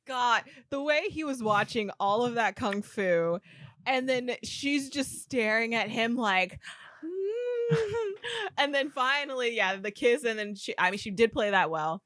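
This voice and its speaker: A woman's voice: a little high, lively intonation, a little slow, a bit bright, no room sound, clean studio sound. A woman co-hosting a podcast, chatting casually about a movie and laughing along. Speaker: podcast co-host. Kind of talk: casual movie recap chat.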